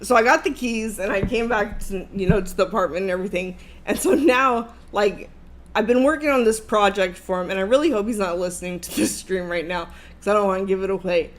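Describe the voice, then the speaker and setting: A woman in her thirties hosting a livestream, telling a story in a casual, animated, profane way and laughing along the way. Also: mid-range voice, brisk. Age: 30s. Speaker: livestream host.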